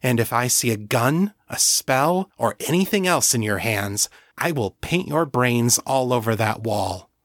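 A stern middle-aged mother with a shotgun, as a male narrator puts her on, gives orders in a loud, clear, icily calm voice. The slow, dry audiobook read keeps every word close and crisp. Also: a bass voice, no room sound, full character voice. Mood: cold commanding. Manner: loud, clear, cold, commanding.

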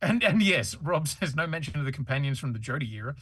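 A man's voice: fairly high pitch, lively intonation, fast, a bit bright, husky, no room sound. A man co-hosting a podcast in casual chat, making dry, wry quips. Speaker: podcast co-host.

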